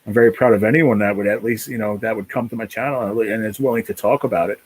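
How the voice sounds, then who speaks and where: A man's voice: on the low side, steady tone, fast, slight background noise, poor audio. A man hosting a casual live stream, talking in a rambling, emotional way, full of "you know", and close to tears. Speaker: livestream host.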